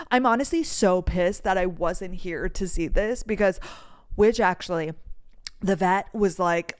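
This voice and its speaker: A woman from North Dakota hosts her own podcast and talks casually to her listeners. Her voice is smooth and clear, and she rambles, fills her sentences with "like" and swears easily. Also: mid-range voice, moderate pace. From North Dakota, USA. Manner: chatty and rambling, heavy use of "like", casual swearing. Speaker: podcast host. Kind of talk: casual solo storytelling chat.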